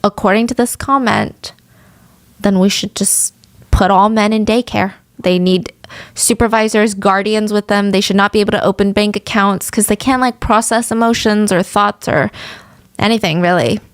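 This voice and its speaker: A woman hosts a true-crime podcast, telling the case in a lively way and openly showing her outrage. Her voice sits at a middle pitch and sounds close and dry, with no room around it. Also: moderate pace, no room sound. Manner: animated and indignant commentary. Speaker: podcast host.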